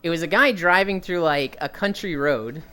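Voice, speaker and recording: A woman's voice: fairly low pitch, moderate pace, bright, forceful tone. A woman streamer chatting with viewers, telling stories, swearing freely and acting out the people in them. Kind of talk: casual chat with viewers.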